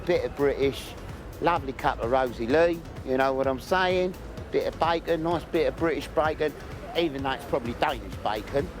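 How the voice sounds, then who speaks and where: A man's voice: medium pitch, moderate pace, music in the background. An older man who runs a bar, talking in a brash, showy way and swearing freely. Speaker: bar owner. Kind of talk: casual chat and banter.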